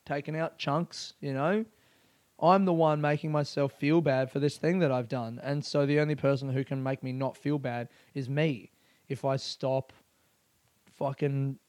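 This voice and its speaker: A man's voice: fairly high pitch, a little mellow, no room sound. Rambling self-deprecating man. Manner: frequent restarts and laughs. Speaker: comedian. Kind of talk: casual monologue.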